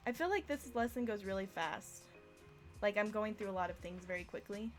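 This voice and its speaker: A woman's voice: mid-range voice, expressive, fairly quick, soft background music. A young woman giving a casual live-streamed language lesson, chatty and self-deprecating, often laughing at herself. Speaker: language teacher.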